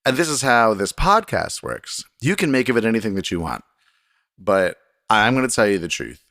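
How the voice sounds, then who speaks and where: Podcast host, male, very low voice, rambling self-deprecating solo chat, close and dry. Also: very animated, moderate pace, fairly bright tone, no room sound. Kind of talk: casual solo podcast monologue. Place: desk in a home recording room.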